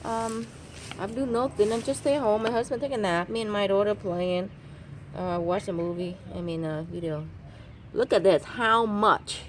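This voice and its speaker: A woman's voice: medium pitch, fairly even intonation, moderate pace, slight background noise. A woman vlogging outdoors in her yard on a handheld phone, chatting in simple broken English and apologizing again and again. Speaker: vlogger and mother. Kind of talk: casual vlog chat.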